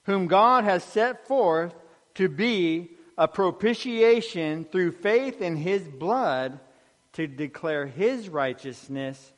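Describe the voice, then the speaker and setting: A man preaching an earnest sermon, dropping soft on key phrases. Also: fairly high pitch, lively intonation, slow, big-room sound.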